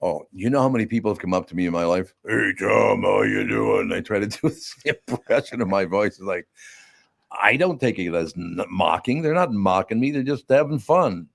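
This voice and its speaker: A man hosting a talk podcast, chatting casually in an opinionated, gruff way and sometimes reading a news story aloud. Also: lowish voice, animated, a little fast, no echo, clean studio sound. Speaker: radio podcast host. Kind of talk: casual talk-show banter.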